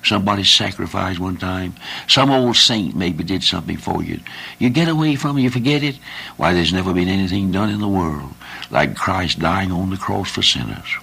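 An older man preaches with a gravelly, husky voice pitched on the low side. He talks in a homely, repetitive way and keeps asking the listeners questions. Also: expressive, moderate pace, pushed and bright. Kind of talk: sermon.

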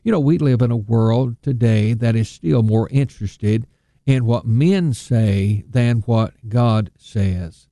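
Man, sermon, very dark mellow voice, emphatic, dry close mic. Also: mid-range voice, dry recording. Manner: measured, emphatic delivery, slowing on scripture quotes. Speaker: preacher.

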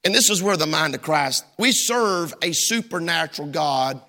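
A male pastor preaching a sermon, swinging his voice widely and breaking into sudden shouts. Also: on the high side, expressive, normal speed. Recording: long hall reverb.

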